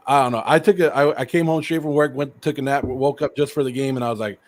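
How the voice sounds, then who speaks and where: A middle-aged American man hosting a casual livestream, rambling excitedly and sounding a bit sick and hoarse. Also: mid-range voice, a little fast. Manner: excited, rambling, laughs often. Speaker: host.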